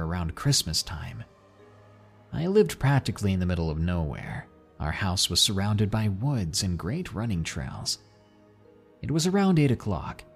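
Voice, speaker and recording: Man, low husky voice, lively pitch swings, dramatic horror narration, faint background music. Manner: dramatic, slowing and dropping for suspense. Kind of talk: scripted horror story narration.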